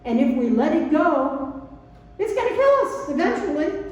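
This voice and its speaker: A woman leading a non-religious sermon, speaking slowly and emphatically and repeating key phrases. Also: high-pitched, very animated. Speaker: service leader. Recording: echoey hall, distant dull mic.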